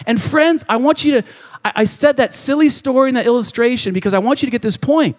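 High-voiced pastor guy preaching, lively storytelling, long church echo. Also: fast talker. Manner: animated storytelling, acting out scenes. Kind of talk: sermon. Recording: long reverb of a large hall.

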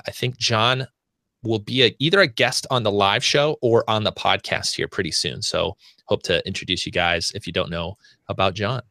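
An American man hosts a casual podcast, his voice bright and forceful with a slightly low pitch. He rambles along with frequent restarts and fillers. The sound is close and dry. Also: no echo. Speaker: podcast host.

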